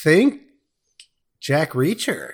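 A man jokes his way through a casual film podcast. His voice sits fairly high and swings widely in pitch, and he talks at a slow, unhurried pace. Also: huge pitch swings, slightly rough. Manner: playful joker. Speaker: podcast panelist.

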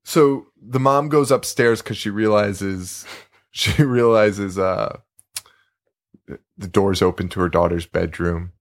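A young man with a fairly low voice chats casually as a podcast co-host. He laughs often and trails off mid-thought as he talks over horror films. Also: slow.

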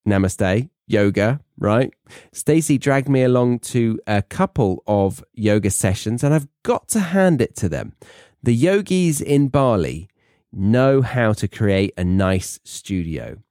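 A man's voice: mid-range voice, expressive, a little slow, warm tone, dry recording, clean studio sound. A young British man hosting a podcast for English learners, telling a story in a chatty, self-mocking way with rambling asides. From England. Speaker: podcast host. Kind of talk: casual monologue for English learners.

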